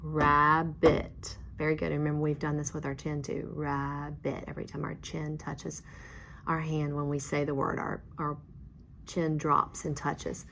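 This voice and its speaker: A woman's voice: sits low, monotone, moderate pace, vocal fry. A woman teacher giving a reading lesson, patient and encouraging, praising each answer. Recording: faint background noise.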